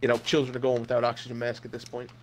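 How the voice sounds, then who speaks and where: A young man running a comedic role-play game as game master, narrating in a deadpan, crude way. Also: mid-range voice, very fast, slight background noise.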